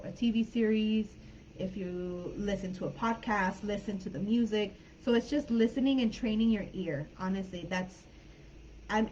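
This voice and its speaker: A woman English teacher talks through a live online lesson in a relaxed, chatty way, often stopping to restart her sentences. Her voice comes over a somewhat dull video-call line with a faint hiss behind it. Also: mid-range voice. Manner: friendly, chatty, many fillers and restarts. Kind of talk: live online class, casual teaching talk.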